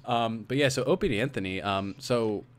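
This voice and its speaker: A man's voice: mid-range voice, normal speed. A man hosting a casual live show, reading viewer comments and laughing often. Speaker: host reading chat. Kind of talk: casual podcast chat.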